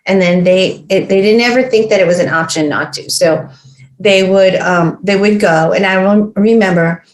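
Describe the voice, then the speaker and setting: A middle-aged woman psychologist telling family stories on a podcast, animated and acting out the voices of relatives. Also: medium pitch, normal speed. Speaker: psychologist guest. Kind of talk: casual podcast storytelling. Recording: roomy echo.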